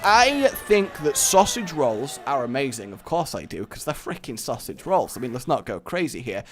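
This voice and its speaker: Rambling English man with a lively voice. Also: mid-range voice, moderate pace. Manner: rambling, jokey storytelling. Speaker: gaming video host. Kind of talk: let's play commentary.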